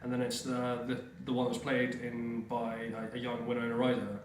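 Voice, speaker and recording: A man's voice: medium pitch, monotone, a little fast. A man co-hosting a casual podcast, laughing often, swearing and slipping into silly voices as he talks. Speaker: podcast co-host. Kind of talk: casual chat. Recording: echoey room with faint noise.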